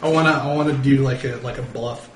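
A man playing a tabletop game, excitable and stammering, quick to laugh. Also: medium pitch, recorded from a distance. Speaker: player. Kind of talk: casual tabletop play. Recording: echoey room with faint noise.

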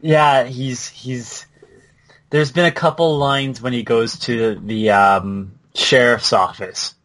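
A man's voice: medium pitch, steady tone, slow, a bit bright. Chatty man in casual conversation. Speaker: podcast co-host. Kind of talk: casual chat about a video game.

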